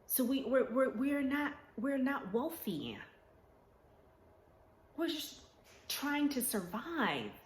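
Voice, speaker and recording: A woman's voice: high-pitched, very animated, takes it slowly, long pauses. A woman giving an earnest motivational talk, repeating points for emphasis. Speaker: vlogger. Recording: roomy echo.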